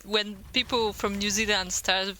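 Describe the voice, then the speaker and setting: A woman's voice: medium pitch, steady tone, unhurried, pushed and bright, slight background noise. A woman co-casting a live strategy-game match, chatty and self-deprecating. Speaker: esports co-caster.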